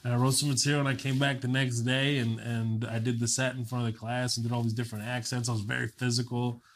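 Guy telling a story casual and salty, mid voice, laughs it off, animated. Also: mid-range voice, quick pace. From Kuwait, raised in Texas. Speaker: comedian guest.

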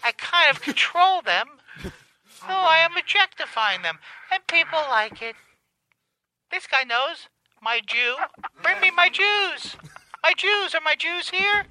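A brash celebrity comedienne, as a man impersonates her, very bright and piercing in tone. She is flippant and mock-earnest. Faint noise sits under the voice. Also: extremely high pitch, sing-song, a little slow, pauses often, full character voice. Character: brash female celebrity comedian, self-satisfied.

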